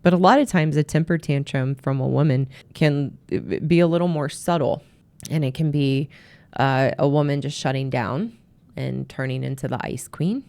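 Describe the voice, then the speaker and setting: A woman's voice: a bass voice, moderate pace, creaky, warm tone. A woman host and marriage coach giving earnest advice, often repeating words as she restarts. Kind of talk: advice talk to camera.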